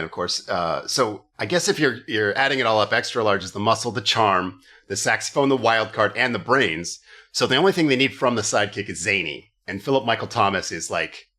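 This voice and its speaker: A man's voice: on the low side, sharp tone. A man hosting a comedy podcast, joking and riffing casually, with the odd swear. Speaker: podcast host.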